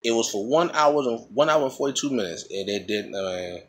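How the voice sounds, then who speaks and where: This is a man with a husky, mid-pitched voice giving an indignant, rambling movie rant. He repeats words and restarts his sentences as he goes. He stresses his disgust emphatically. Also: animated, fairly quick. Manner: rambling, with many restarts and repetitions. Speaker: vlogger reviewing a movie. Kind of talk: casual movie rant to camera.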